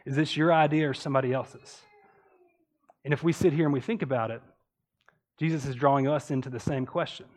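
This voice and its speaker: A man preaching a sermon in an earnest tone, building his points through rhetorical questions. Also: a little high. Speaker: pastor.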